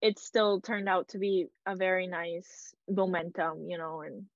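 A woman's voice: fairly low pitch, little pitch movement, unhurried, dry recording, muffled recording. A young woman telling a personal story in a casual, emotional way, peppered with "like" and quoted dialogue. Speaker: guest.

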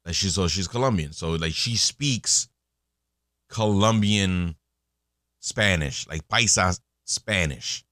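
A man in his thirties talks casually and slowly into a close mic, his voice low but swinging widely in pitch. He rambles, restarting sentences and filling gaps with "like" and "uh." The sound is dry and close. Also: lively intonation, pushed and bright, dry recording. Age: 30s. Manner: rambling with many fillers and restarts. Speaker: podcast host. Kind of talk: casual monologue.

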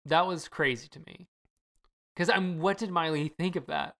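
A woman's voice: sits low, normal speed, a bit bright. A woman co-hosting a podcast in casual chat, chatty and sarcastic with lots of fillers. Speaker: podcast co-host.

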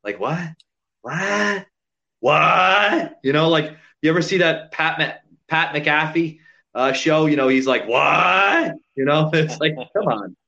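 A man with a slightly high voice co-hosting a casual podcast, talking in an emphatic, disbelieving way and cursing often. The audio is dull and lo-fi. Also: fairly even intonation, normal speed, a bit bright. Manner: emphatic, incredulous, swears freely. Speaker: podcast co-host. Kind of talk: casual profane chat.

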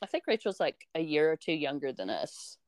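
A young woman hosting a podcast, casually telling a story with animated energy and frequent swearing, acting out the people she quotes. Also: sits low, fairly quick, no echo, clean studio sound. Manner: animated, acts out quoted voices, swears freely. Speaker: podcast host.

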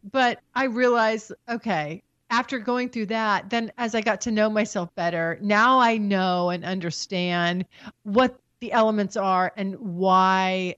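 A woman's voice: mid-range voice, a bit bright, dry recording, muffled recording. A woman as a podcast guest in candid, casual conversation, talking frankly and with lots of swearing. She often trails off and restarts her sentences. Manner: frank, profane, storytelling with halting restarts.

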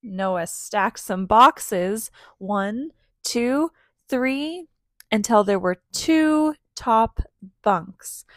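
A woman reading a picture book aloud to children, animated and asking them to join in with sounds. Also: fairly high pitch, very slow, no echo, clean studio sound.

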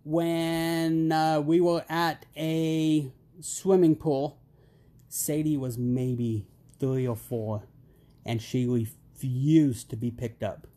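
Speaking very slowly in a fairly high voice, this middle-aged podcast guest shares family stories casually and jokingly. He is an animated storyteller who acts out the quotes and voices of the people involved.

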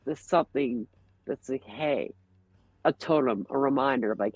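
A man's voice: mid-range voice, normal speed, breathy edge, dry recording. A man talks openly and reflectively, earnest about his feelings. His voice sits in a middle range. The recording is dry and somewhat dull, like lo-fi podcast audio. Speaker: podcast guest. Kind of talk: casual conversation.

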